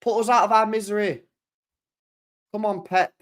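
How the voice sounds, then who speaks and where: A man's voice: high-pitched, steady tone, moderate pace, a bit bright. A young man chatting casually on a football stream, exasperated, swearing often and laughing.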